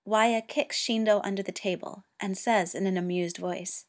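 A woman reading fan fiction aloud in an even, steady storytelling voice. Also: medium pitch, normal speed, hardly any pauses. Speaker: reader.

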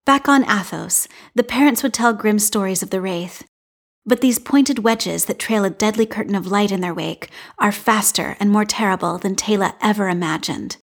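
A woman reading a fan story aloud in a measured, expressive narration. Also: medium pitch. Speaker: podfic reader.

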